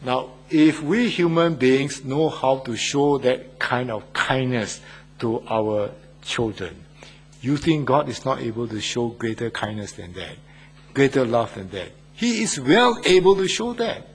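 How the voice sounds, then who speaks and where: A man's voice: medium pitch, unhurried, a little hiss or hum. A man preaching a sermon, emphatic, often putting rhetorical questions to his listeners.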